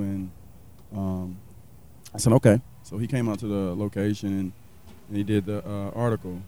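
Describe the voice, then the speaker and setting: Man from South Carolina, a pitmaster in a relaxed interview, warm dark tone and a low voice, rambling a bit. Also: normal speed, pauses often. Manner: rambling, many fillers, acts out quoted people. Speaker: pitmaster and restaurant owner. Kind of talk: casual interview storytelling.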